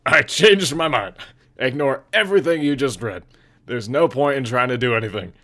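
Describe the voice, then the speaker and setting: A man's voice: mid-range voice, fairly bright tone, natural voice. A man reading aloud as a cold, controlling teenage girl who leads a club. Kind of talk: reading game dialogue aloud.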